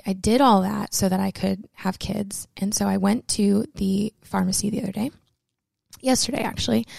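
A woman's voice: medium pitch, vocal fry, a little mellow, no echo. A young woman telling a personal story to camera, candid and emotional, chatty with many fillers and close to tears at times. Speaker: vlogger.

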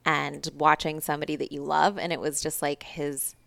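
Low gravelly woman, candid podcast guest. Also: flat delivery, moderate pace, a bit bright, no echo. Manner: candid, emotional retelling with swearing and laughs. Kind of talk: candid storytelling interview.

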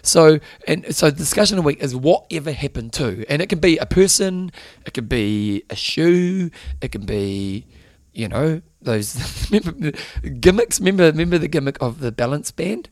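A New man co-hosting a podcast in casual chat, animated and rambling, often breaking into laughs. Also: a little high, normal speed, hardly any pauses, dry recording, clean studio sound. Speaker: podcast co-host.

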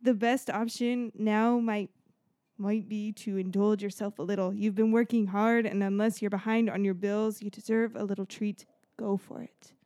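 A woman putting on her deepest voice to play a horoscope reader, reading slowly and steadily. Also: level tone, warm tone, no room sound, studio quality, lightly acted. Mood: soothing.

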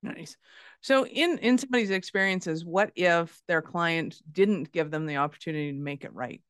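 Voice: mid-range voice, moderate pace, fairly bright tone, clear, resonant tone, dry recording, studio quality. A podcast host asking questions in an upbeat, casual way, laughing easily. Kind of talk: casual interview.

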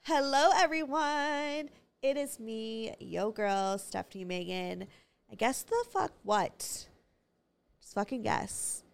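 A woman's voice: medium pitch, animated, takes it slowly, creaky. A woman hosting her own podcast in a brash, bubbly, profane casual chat. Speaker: podcast host.

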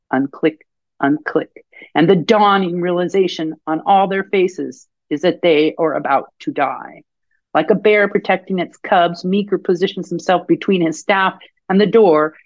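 A woman podcast host and author reading her own fiction aloud in a measured storytelling voice. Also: fairly low pitch, a little mellow, dry recording, lo-fi sound.

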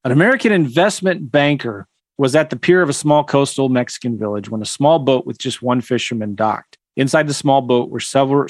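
A man's voice: medium pitch, no room sound. Rambling man teaching, dry close sound. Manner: rambling, self-deprecating, chuckling asides. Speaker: real estate coach. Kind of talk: teaching livestream, reading a story aloud.

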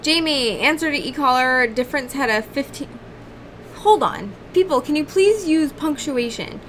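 A woman's voice: sits high, expressive, normal speed, a bit bright, a little hiss or hum. A woman co-hosting a live stream, casually reading out viewer questions and bantering with the host. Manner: casual, reads comments aloud, light teasing banter.

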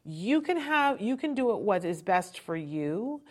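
A woman's voice: very animated, a little slow. A woman host giving friendly parenting advice in a chatty way, often asking "right?" and dropping her voice to show how to wind down. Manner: lowers her voice to show winding down. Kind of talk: conversational advice talk.

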